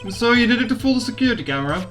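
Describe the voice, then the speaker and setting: A woman voicing a cool, sharp male prosecutor who asks measured, probing questions. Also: fairly high pitch, animated, faint music behind, pitched above the performer's own voice, natural voice.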